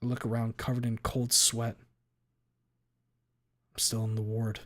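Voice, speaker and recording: A man's voice: medium pitch, completely flat delivery, moderate pace, long pauses. A man reading a visual novel aloud in the first person, dramatic, cursing freely and sometimes stumbling over words.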